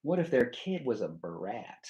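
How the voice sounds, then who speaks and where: A young man chatting casually with his stream viewers and rambling through animated stories full of fillers. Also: medium pitch, measured pace, highs cut off. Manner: rambling, animated storytelling full of "like" and "you know".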